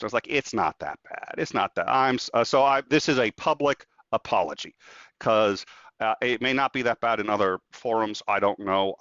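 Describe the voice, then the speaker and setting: Low-voiced man telling animated stories. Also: dry recording. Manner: animated storyteller acting out quotes. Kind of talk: casual conversation. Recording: dull, dry lo-fi sound.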